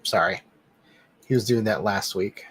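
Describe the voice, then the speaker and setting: A man hosting a casual live stream, rambling and filling pauses with lots of "um.". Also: on the low side, fairly bright tone, husky. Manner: rambling, many "um" fillers. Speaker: livestream host.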